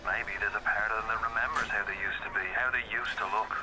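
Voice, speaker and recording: A man's voice: fairly even intonation, fast, music in the background, close to an everyday voice, poor audio. A man doing a grave, brooding guide. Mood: reflective. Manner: low, reflective. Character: grave man musing about masked madmen.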